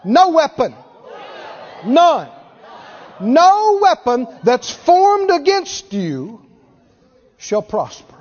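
High-voiced emphatic male preacher. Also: wildly swooping pitch, very slow, long pauses, a little mellow, big-room sound, dull audio, some chatter behind. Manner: emphatic, repeats for effect, laughs between points. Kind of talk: sermon.

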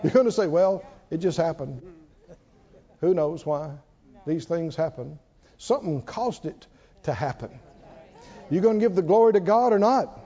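A man preaching a sermon as pastor of a church, animated, calling out hallelujahs. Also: on the high side, moderate pace, long pauses. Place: church sanctuary. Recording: dull sound, long hall reverb.

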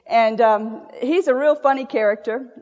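A woman's voice: fairly high pitch, moderate pace, a little mellow. A woman giving a sermon in a church, telling stories in a folksy, chatty way and laughing often. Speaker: church speaker. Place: church sanctuary. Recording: echoey church hall, dull lo-fi sound.

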